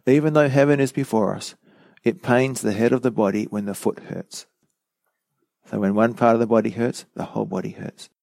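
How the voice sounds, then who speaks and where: A man's voice: mid-range voice, steady tone, normal speed, creaky, darkish tone, no room sound. A man preaching a sermon, teaching in a conversational way with frequent fillers like "you know.".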